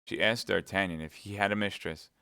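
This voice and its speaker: A man reading a classic novel aloud on a live stream, in measured, steady narration. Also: deep voice, creaky, clean tone, dry recording, studio quality. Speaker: reader, streamer.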